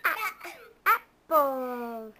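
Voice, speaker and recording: A woman coos and coaxes a baby in a bouncy, sing-song voice that swoops high. She talks slowly and stretches her words while filming a home video. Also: big pitch swings, bright, forceful tone.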